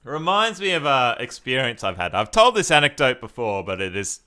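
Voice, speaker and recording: A man's voice: mid-range voice, big pitch swings, fairly quick, hardly any pauses, bright, forceful tone, clear, resonant tone. A man giving chatty live-stream commentary as he talks to his chat and often laughs. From Australia.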